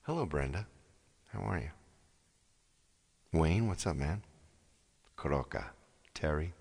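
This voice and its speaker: Man, very deep voice, casual rambling chat with viewers, repeats phrases, long hall reverb. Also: lively intonation, slow, vocal fry, pauses often, darkish tone, husky. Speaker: singer live-streaming to viewers. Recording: long hall reverb, faint music behind.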